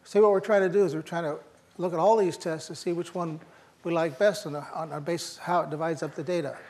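A man's voice: on the high side, steady tone, quick pace, darkish tone. An older man giving a university lecture, thinking aloud with fillers and restarts and slipping in dry jokes.

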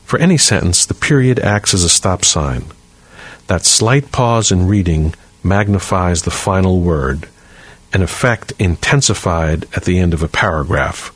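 A man with a very deep, slightly husky voice reads a short writing lesson in a measured, deliberate way. The sound is dry and close, like a quiet studio. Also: no room sound. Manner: measured, clear and deliberate reading. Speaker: writing teacher, podcast host. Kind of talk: scripted instructional reading.

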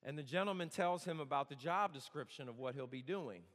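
A man in his thirties, speaking at a campus worship service, delivers a storytelling sermon in a fairly high, slightly bright voice at a somewhat fast pace. He's conversational and earnest with flashes of humor, and a long hall reverb colors the recording.

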